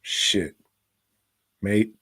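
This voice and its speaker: A man's voice: extremely slow, sharp tone, no echo. A man co-hosting a movie review podcast, rambling and joking in casual, profane banter sprinkled with "mate" slang.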